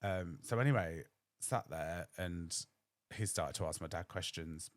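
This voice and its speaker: A man's voice: low voice, a little slow, dry recording. A young man, telling a candid personal story on his podcast and acting out other people's voices. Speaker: podcast host.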